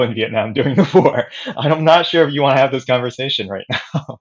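A man's voice: mid-range voice, brisk, lo-fi sound. A man telling a story on a podcast as a guest, laughing here and there as he talks. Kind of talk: casual conversation.

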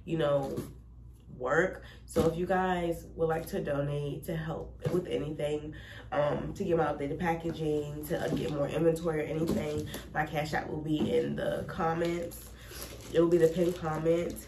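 Speaking low and level at a moderate pace, a teary woman chats casually to camera while unboxing a label printer, nearly crying as she rambles, restarts and pours out thanks. The setting is a cluttered home recording room, captured on a distant mic with echo and noise.

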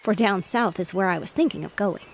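A woman reading the part of a cheerful, reassuring father in a bedtime storybook, with a slightly gravelly voice. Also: mid-range voice, a little fast, slight background noise, natural voice. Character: cheerful fatherly man, fish merchant.

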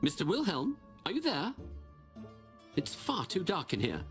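A man's voice: high voice, huge pitch swings, measured pace, full character voice. A man playing Sherlock Holmes as a pompous, theatrical detective with a grandiloquent, lecturing delivery. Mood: brisk. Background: music.

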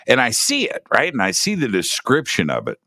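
A man's voice: mid-range voice, wildly swooping pitch, brisk, sharp tone, no echo, studio quality. A man hosting a talk show, telling a story with enthusiasm in a conversational way, often repeating words as he starts his sentences. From Los Angeles area. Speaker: podcast host.

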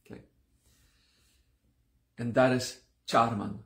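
A man leads a class at an unhurried pace, saying each term slowly and then repeating it. His voice is gravelly and a little groggy, as if he just woke up. The room around him has a clear echo. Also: medium pitch, fairly even intonation. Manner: slow and deliberate, repeating terms several times. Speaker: yoga teacher. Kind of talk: live-streamed class teaching.

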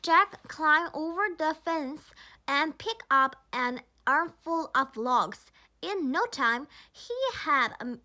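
A woman's voice: sits high, pushed and bright. A woman with a Korean accent, a native Korean speaker, reading a children's storybook aloud carefully, with small slips and restarts.

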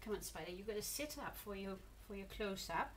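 A woman's voice: medium pitch, expressive, a little fast, a little hiss or hum. A woman from England coaxing her cat into posing for photos, cooing and encouraging it along. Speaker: pet owner filming her cat. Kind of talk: coaxing talk to a pet.

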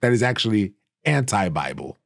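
A man teaching a Bible study in a casual, emphatic way, raising his voice to stress points and slowing down on key phrases. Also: on the low side, sing-song, a bit bright, no echo, clean studio sound. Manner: emphatic and conversational, rising for stress, drawing words out slowly.

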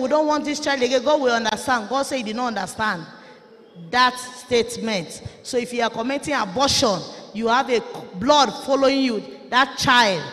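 A woman preacher with a Nigerian accent, delivering a fiery sermon, forceful and often shouting as she rebukes her listeners. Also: fairly high pitch. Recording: echoey hall reverb.

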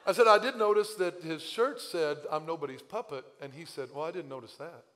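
A man with a Midwestern American accent preaches from the pulpit, telling a story with animated, self-deprecating humor. His voice sits a little high and is still recovering after he lost it. The sound rings with a long reverb of a church hall. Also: fairly quick, noisy background. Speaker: pastor. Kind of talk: sermon. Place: church sanctuary.

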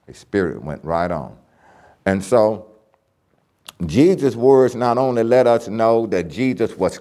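A man teaches a church Bible lesson in a low, unhurried voice. He hammers home key phrases by repeating them and reads scripture aloud with emphasis. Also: a little mellow.

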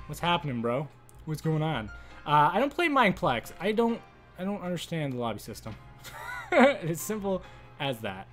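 A man's voice: a little high, very animated, normal speed, fairly bright tone, soft background music. A young man, live streaming a game and chatting casually with viewers, greeting and teasing them as he reads the chat. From Canada.

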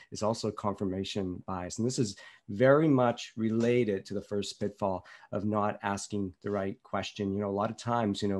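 A man gives a relaxed leadership lecture in a low voice. His talk is loose and conversational, full of fillers and restarts. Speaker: business speaker. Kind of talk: casual lecture.

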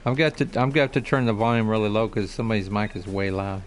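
A man's voice: on the low side, fast, a little hiss or hum. A man streaming a game live, chatting casually and greeting viewers by name on a desk mic. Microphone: desk mic, no headset.

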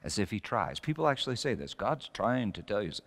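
A man's voice: lowish voice, very animated, moderate pace, big-room sound. Man preaching with dramatic swings. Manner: storytelling with sudden loud bursts and quiet drops. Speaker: pastor. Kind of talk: sermon.

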